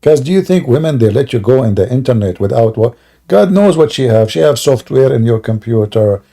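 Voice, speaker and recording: A man hosting a live stream with mocking, sarcastic commentary and broken English grammar, often rising into loud taunting exclamations. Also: medium pitch, expressive, brisk, gravelly.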